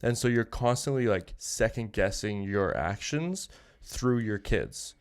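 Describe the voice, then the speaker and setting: A man hosts a podcast in casual talk. His voice sits fairly low, and he rambles through his points with many fillers and restarts. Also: lively intonation, measured pace. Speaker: podcast host.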